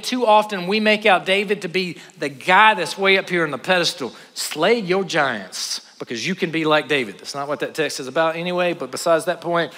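Energetic preacher man in a reverberant hall. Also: on the high side, normal speed, hardly any pauses. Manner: dynamic preaching, swinging from loud exclamations to hushed asides. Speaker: pastor. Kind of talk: sermon.

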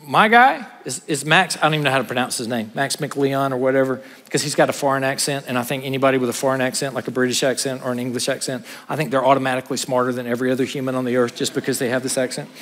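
A man, a pastor preaching an earnest sermon to his congregation, trading quick asides for slow, stressed points. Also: mid-range voice, fairly even intonation, fairly bright tone, big-room sound. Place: church sanctuary.

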